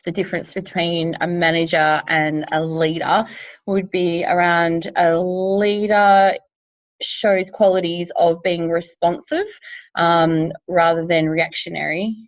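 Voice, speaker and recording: Woman, reflective check-in share, lowish voice, dry dull call sound. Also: no room sound. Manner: measured, reflective, with fillers. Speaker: team member in a check-in. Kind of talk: casual meeting check-in.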